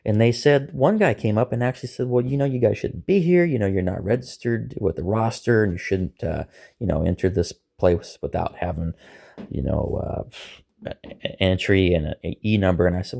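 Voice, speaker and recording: Gravelly, husky man telling a story. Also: lowish voice, normal speed. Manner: animated, acts out quoted voices, chuckles. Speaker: storyteller recounting an arrest. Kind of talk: casual storytelling monologue.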